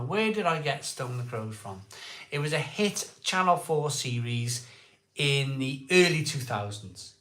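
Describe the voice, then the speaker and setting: An excitable man hosting a casual live stream, chatting with viewers, repeating himself and laughing often. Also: mid-range voice, a little slow, echoey room. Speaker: live-stream beer show host. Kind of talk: casual live chat reading viewer comments.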